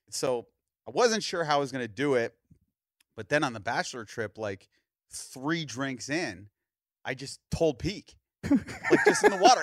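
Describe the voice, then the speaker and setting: Male podcast host in his thirties, lively storyteller, wide pitch swings, dry close sound. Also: dry recording. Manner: animated storyteller, acts out other people's lines. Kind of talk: casual storytelling chat.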